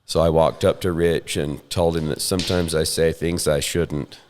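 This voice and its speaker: A man's voice: extremely low pitch, steady tone, normal speed, darkish tone, a little hiss or hum. A man hosting a podcast, telling a funny story in a self-deprecating way with chuckles. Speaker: podcast host. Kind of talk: storytelling in casual chat. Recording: roomy with long reverb.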